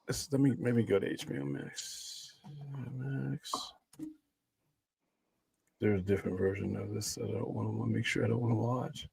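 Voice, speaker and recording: A man's voice: lowish voice, fairly even intonation, moderate pace, vocal fry, pauses often, darkish tone, slightly rough, dry recording, low-quality recording. A man hosting a charity movie livestream in casual chat, rambling and swearing freely. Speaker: livestream host.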